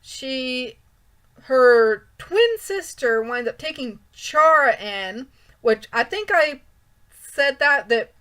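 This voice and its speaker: Woman, casual art vlogger, slow and high, rambling with lots of ums. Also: fairly bright tone. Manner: rambling, hesitant, frequent ums and restarts. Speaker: art channel creator. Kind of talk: casual drawing commentary.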